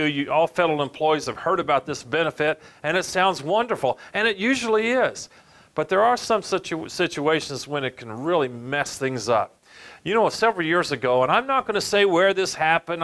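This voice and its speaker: Male benefits advisor, storytelling presentation, lively delivery, slightly high voice. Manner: animated, addresses listeners as folks.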